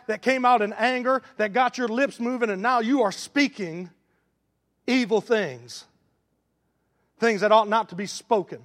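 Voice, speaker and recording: A high-pitched man preaches a sermon in a folksy way, rising into loud, emphatic stretches. His voice carries a long reverb through a church sanctuary. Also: moderate pace. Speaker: pastor.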